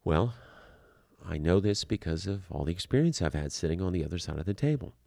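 A man with a very low voice gives audition advice to actors. He speaks bluntly and with animation, mixing scolding and encouragement in casual, slightly profane talk. The recording is dry and close, with no room sound. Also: expressive, fairly quick, vocal fry, mellow, no room sound. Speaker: acting coach. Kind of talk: instructional talk to camera.

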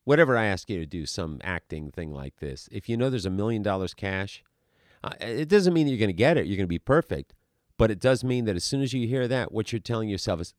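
A man's voice: on the low side, animated, fairly quick, no echo, clean studio sound. A man, an acting teacher, talking through a podcast monologue in an emphatic way, asking rhetorical questions and repeating words as he makes his points.

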